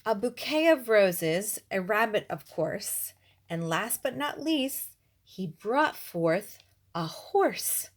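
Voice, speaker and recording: A woman reading a rhyming children's storybook aloud with an expressive, rhythmic delivery. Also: medium pitch, slow pace. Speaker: reader.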